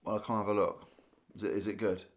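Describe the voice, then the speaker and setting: Reading viewer comments on his casual live stream, a weary, yawning host from Guernsey talks fast in a lowish voice with little pitch movement. He's chatty and rambling, restarting thoughts as he thinks aloud and slipping in small laughs.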